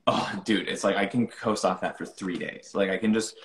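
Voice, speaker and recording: A man's voice: low voice, steady tone, moderate pace. Rambling young man in an echoey room. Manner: rambling, many "like" fillers and restarts. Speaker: musician being interviewed. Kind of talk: casual interview answers.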